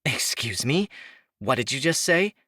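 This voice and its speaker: A man voicing an angry, grieving young woman in shrill, tearful outbursts. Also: sing-song, measured pace, bright, forceful tone, dry recording, studio quality, exaggerated voice. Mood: furious.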